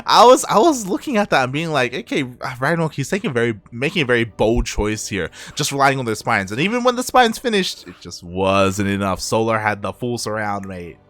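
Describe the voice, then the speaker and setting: A man co-casting a live video game match, animated, laughing often and shouting in excitement. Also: mid-range voice, a little fast, few pauses. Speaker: esports caster.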